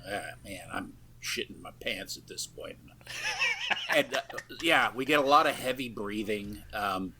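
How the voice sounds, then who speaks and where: A man's voice: on the low side, animated, measured pace, noisy background. A man co-hosting a podcast, recapping a film in a loose, profane way with lots of fillers and easy laughs. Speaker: podcast co-host. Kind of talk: casual chat recapping a film.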